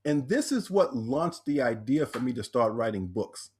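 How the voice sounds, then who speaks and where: A man, a speaker and author, telling personal stories in a podcast interview, animated and acting out the voices he quotes. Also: medium pitch, moderate pace, breathy edge.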